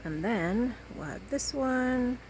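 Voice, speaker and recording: A woman's voice: fairly high pitch, animated, takes it slowly, a little mellow, slight background noise, rough recording. A woman making a craft video, chatting casually to herself and the viewer as she cuts and glues. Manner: chatty, talks to herself while working. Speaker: crafting vlogger.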